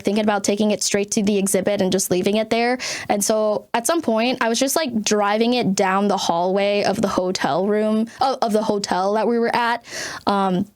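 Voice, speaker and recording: A woman streamer telling a rambling story to her chat, swearing freely, full of filler words, and jumping in pitch for emphasis. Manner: animated, jumps between pitches for emphasis.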